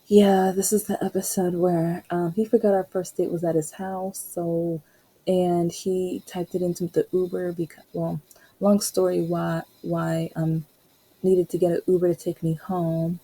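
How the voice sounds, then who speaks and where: A woman's voice: lowish voice, flat delivery, unhurried, warm tone, slightly rough, rough recording. A young adult woman hosting a podcast, chatting casually and rambling through a personal story with frequent laughs. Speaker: podcast host.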